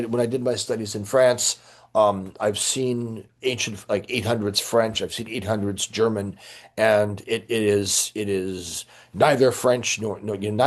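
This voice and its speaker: A middle-aged man, a priest teaching church history, lecturing informally and rambling with many fillers and restarts. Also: on the low side. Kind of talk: informal lecture answering questions.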